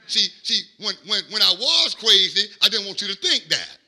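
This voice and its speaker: A man preaching a sermon as pastor. He repeats phrases and swings from quiet asides to shouted, drawn-out lines. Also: high voice, sing-song. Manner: call-and-response, repeats phrases.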